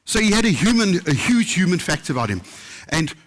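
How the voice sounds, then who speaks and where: A man with a South African English accent, his voice sitting a little high, tells stories to a live audience. He acts out the voices of people he quotes as he goes. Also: a little fast. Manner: animated anecdotes, acting out quoted voices. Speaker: chef telling stories. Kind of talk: live storytelling talk. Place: book festival stage.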